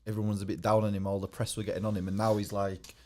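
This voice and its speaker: A man hosting a podcast, agreeing with his guests and swearing casually in relaxed chat. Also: on the low side, very fast. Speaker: podcast host. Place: podcast studio.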